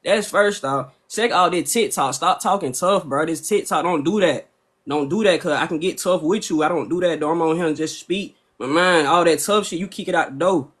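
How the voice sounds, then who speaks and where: A man in a heated live debate, slangy and confrontational, firing off rhetorical questions. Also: sits high. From Atlanta, US.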